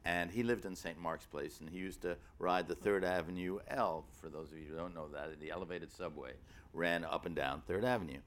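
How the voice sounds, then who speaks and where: A man from New York talking onstage as an author, rambling through stories in halting bursts full of fillers and restarts, with a wry edge. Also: deep voice, fairly bright tone. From New York City. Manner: wry storyteller. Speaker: author in a public conversation. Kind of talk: live onstage conversation.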